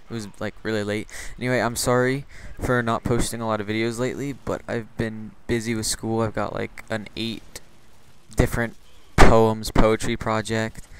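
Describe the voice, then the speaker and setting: A man's voice: lowish voice, fairly bright tone, smooth, poor audio. A man hosting a gaming channel, telling rambling, profane stories in casual gameplay commentary, full of "like" and restarts. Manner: rambling, profane, filler-heavy.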